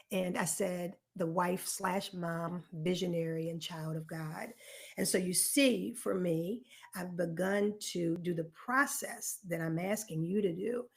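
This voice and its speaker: A woman's voice: lowish voice, a little mellow. Earnest woman leading a live workshop. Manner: earnest, encouraging, addressing participants directly; emphatic, repeats key phrases. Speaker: workshop host. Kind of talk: live online self-reflection workshop.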